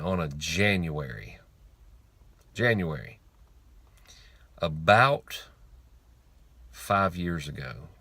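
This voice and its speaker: Man with a low, bright, forceful voice, preachy monologue style, dry close sound. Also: dry recording. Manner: preachy, emphatic, repeats lines for effect; blunt, swears casually. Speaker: online speaker on faith and money. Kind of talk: informal motivational monologue.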